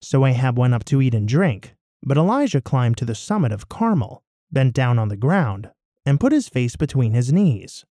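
A scripture reader narrates a passage in a measured, expressive way, his pitch moving widely across phrases. His tone is mellow and soft-edged. The recording is dry and close, with no room sound or echo.

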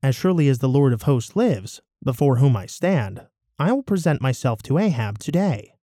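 A fierce, commanding male prophet, as a man reading scripture puts him on, declaiming with sweeping pitch that climbs high on his cries. The tone stays mellow and the sound is dry and close. He speaks like someone used to being obeyed. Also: very animated, moderate pace, no echo. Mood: stern. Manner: declaiming, rising to fervent cries.

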